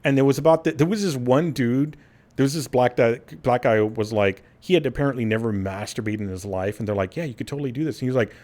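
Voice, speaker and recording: A man's voice: medium pitch, fast talker, a little mellow. A man hosting a gaming podcast in casual chat. He laughs often and acts out quotes in silly voices. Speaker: podcast host.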